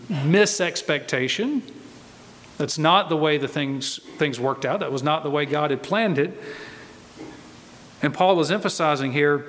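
A man preaches in a church with a fairly high voice, pressing each point and repeating his key lines for weight. The sound carries a long reverb from the hall around him. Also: fairly bright tone. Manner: emphatic, repeats key phrases. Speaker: pastor. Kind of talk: sermon.

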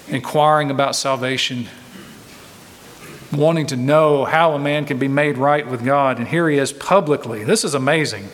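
A man's voice: mid-range voice, fairly bright tone. A man preaching an expository sermon, earnest and emphatic, repeating phrases to press his points home. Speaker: pastor. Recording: long reverb from a large hall.

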